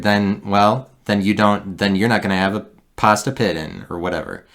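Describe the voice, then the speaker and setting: A man's voice: on the low side, fairly even intonation, normal speed, fairly bright tone. A man holds forth alone into a handheld recorder. His talk wanders and turns sarcastic, and he keeps restarting his thoughts as he goes. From Midwestern United States. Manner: digressive, sarcastic, restarts often. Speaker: podcast host. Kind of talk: rambling solo podcast monologue.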